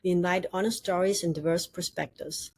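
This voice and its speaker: A woman's voice: on the low side, steady tone, fairly quick, no echo. Woman host wrapping up a podcast. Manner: warm thanks, then channel plugs and a read disclaimer. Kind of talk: podcast sign-off.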